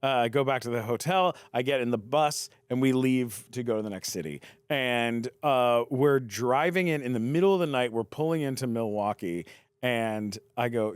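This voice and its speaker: A man's voice: medium pitch, normal speed, smooth, dry recording, clean studio sound. A man telling a long story as a podcast guest, with frequent stammered restarts and a cursing punchline delivery. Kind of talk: animated storytelling.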